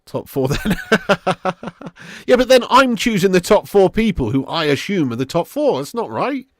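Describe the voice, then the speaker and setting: A man hosting a live football stream, talking loosely with his chat and dropping casual swears. His voice sits fairly high for a man and moves around a lot in pitch. The sound is close and dry, with no room echo. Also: sing-song, a little fast. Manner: chatty, banters with viewers, swears casually. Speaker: football watch-along streamer.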